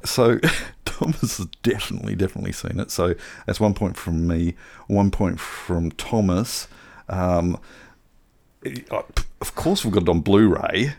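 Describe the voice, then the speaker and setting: A man's voice: low voice, unhurried, gravelly, darkish tone. A middle-aged man telling a long, earnest, rambling story with many fillers during a comedy panel game. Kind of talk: comedic bluffing game chat.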